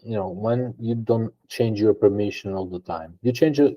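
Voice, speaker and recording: With a fairly low, mellow voice and the highs cut off in the audio, a man speaks at normal speed as a podcast guest. He's a data engineer who talks through his explanations casually, often restarting and using fillers as he thinks aloud.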